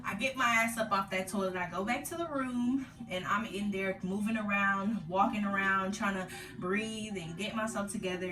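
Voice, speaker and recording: A young woman vlogger telling her story in casual slang, animated, acting out her own past cries. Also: mid-range voice, reverberant, far from the mic.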